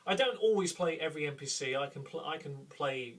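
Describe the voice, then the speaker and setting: A man's voice: fairly high pitch, expressive, a little fast, fairly bright tone, far from the mic. A middle-aged man from the UK, a game master hosting a chatty, self-deprecating tips talk. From United Kingdom.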